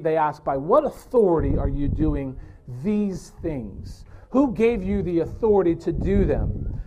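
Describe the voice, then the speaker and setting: A man's voice: sits high, dark tone, a little hiss or hum. A man preaching a sermon, earnest and explanatory, now and then correcting himself mid-sentence.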